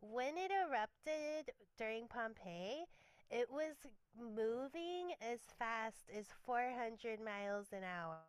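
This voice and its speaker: A young woman co-hosting a podcast, sharing researched facts in a relaxed, chatty way with lots of fillers. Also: a little high, takes it slowly, clean tone, no room sound. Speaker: podcast co-host. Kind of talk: casual chat.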